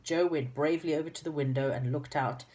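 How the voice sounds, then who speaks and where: A woman with a low voice reads a children's book aloud. She is relaxed and chatty and stumbles now and then over a word. Her asides are friendly and informal. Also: brisk. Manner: chatty asides and small slips while reading. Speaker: reader.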